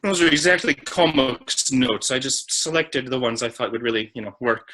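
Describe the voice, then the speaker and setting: A man's voice: medium pitch, moderate pace, sharp tone, rough recording. A man presenting a lecture on old hymn tunes, breaking into sung phrases and counting out beats between explanations.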